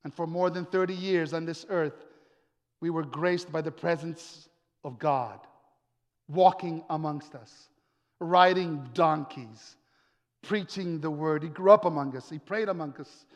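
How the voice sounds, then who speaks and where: A male pastor preaching a sermon, dramatic, with emphatic repetition and drawn-out pauses. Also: fairly high pitch. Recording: long hall reverb.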